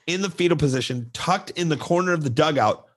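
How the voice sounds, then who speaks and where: A man's voice: on the high side, fairly quick. A middle-aged man, co-hosting a casual podcast and animatedly telling a youth baseball story, acting out the voices of kids and coaches.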